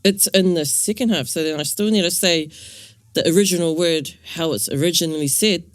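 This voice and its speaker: A woman takes part as a learner, reasoning slowly through each step aloud. Her voice is recorded close and dry. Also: lowish voice, dry recording. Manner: thoughtful, working things out aloud.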